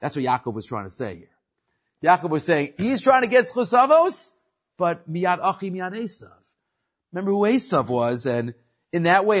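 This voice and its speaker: A man teaching a Torah class, moving between Hebrew verses and English explanation and checking in with "right?". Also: a little high. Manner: lively, mixing Hebrew and English, questioning "right?". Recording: dull lo-fi sound.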